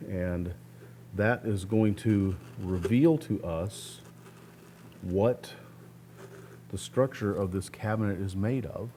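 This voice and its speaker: Guy with a lowish voice casually explaining his workshop teardown, plainspoken, a bit of hum in the background. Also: takes it slowly, pauses often. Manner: relaxed, plainspoken explaining while working. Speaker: host of a guitar restoration channel. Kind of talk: casual step-by-step how-to talk.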